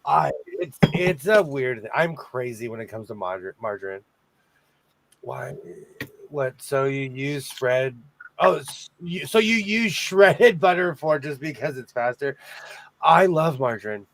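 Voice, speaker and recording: A man's voice: mid-range voice, animated, a little slow, fairly bright tone. A man hosting a casual sewing chat, jokey and chatty, laughing often. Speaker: host of a sewing chat show.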